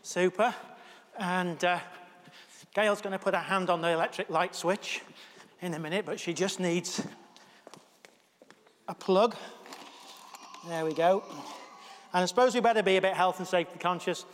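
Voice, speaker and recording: Joking pastor in an echoing church. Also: male voice, sits high, normal speed, long pauses, a little hiss or hum. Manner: jokey, energetic, cheering people on. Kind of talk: all-age church talk with a live demonstration. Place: church hall.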